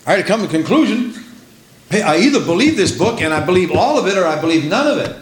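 A man's voice: sits high, sing-song, fast talker, slight background noise. Emphatic preacher man in a roomy space. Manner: emphatic, repeats phrases for effect. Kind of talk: sermon. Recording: roomy echo.

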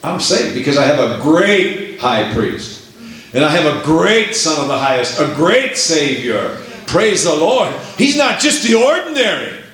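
A man's voice: on the high side, big pitch swings, a little slow, fairly bright tone. A man preaching a sermon emphatically, acting out the voices in scripture. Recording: echoey room.

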